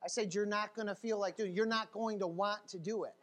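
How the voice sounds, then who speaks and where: A man preaching a sermon in a fiery, folksy way, with sudden shouts and laughter. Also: high voice, steady tone, fast. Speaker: pastor.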